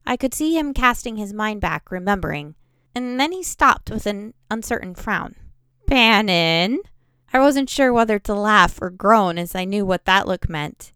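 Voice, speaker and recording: Smooth, slightly creaky woman narrating. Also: medium pitch, animated, fairly bright tone, no room sound, clean studio sound. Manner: measured first-person storytelling. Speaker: editor reading a book excerpt. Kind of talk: audiobook narration.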